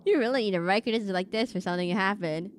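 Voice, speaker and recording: A woman's voice: mid-range voice, rapid-fire, a little hiss or hum. A woman streaming a video game, chatting in a rambling casual way with many fillers and restarts. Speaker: VTuber streamer.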